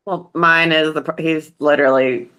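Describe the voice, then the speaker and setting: A woman talking as a guest on a video call, speaking haltingly and often trailing off. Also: deep voice, steady tone, bright, forceful tone, clear, resonant tone. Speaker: guest sharing her story. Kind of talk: emotional video call discussion.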